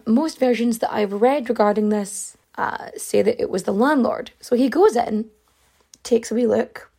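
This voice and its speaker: A woman recounts an old murder case in a loose, chatty way, full of asides and filler words. Her voice sits a touch higher than most. She sounds like she is talking to friends rather than reading a script. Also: vocal fry, warm tone. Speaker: storyteller. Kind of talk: casual true crime storytelling.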